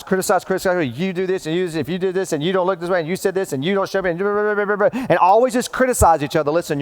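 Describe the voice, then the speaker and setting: A middle-aged male pastor preaching a sermon in a conversational, emphatic way, swinging between loud rising peaks and slow low stresses. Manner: emphatic and conversational, repeating "watch this" and addressing listeners as bro.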